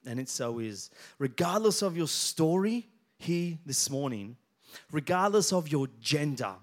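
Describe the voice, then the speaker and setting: This man is a pastor giving a sermon before his congregation in a church hall, a joking storyteller who speaks to listeners by name. His slightly high voice is very animated, yet he never hurries.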